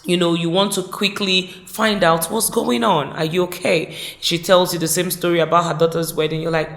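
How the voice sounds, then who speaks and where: A woman's voice: fairly low pitch, fairly even intonation, moderate pace, vocal fry, hardly any pauses. A woman teaching a caregiving course in an informal, emphatic way, often repeating key words and acting out short example dialogues. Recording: echoey room.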